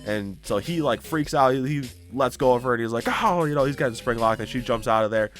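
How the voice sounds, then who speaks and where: Man, casual story recap, animated, middle pitch, faint background music. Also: brisk. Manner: animated, acts out characters' lines. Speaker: YouTuber.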